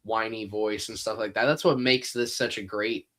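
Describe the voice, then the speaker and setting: A man co-hosting a casual movie discussion, talking in a relaxed way full of fillers. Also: fairly low pitch, moderate pace. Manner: relaxed, lots of fillers like "like" and "you know". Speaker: podcast co-host.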